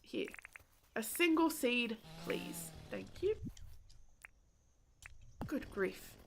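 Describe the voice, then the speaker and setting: A woman's voice: a little high, big pitch swings, drawn-out words, a little hiss or hum. Giggly woman streaming a game. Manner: self-deprecating, giggly, chats with viewers. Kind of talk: casual live-stream chat while playing.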